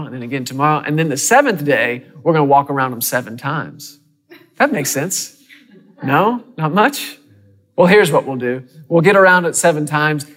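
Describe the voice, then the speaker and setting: A man preaching a sermon with a slightly high voice. He speaks in an animated style, surging into quick excited runs and then falling to near-whispers. His delivery is dramatic. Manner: animated preaching with quick bursts and sudden drops to a hush. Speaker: pastor.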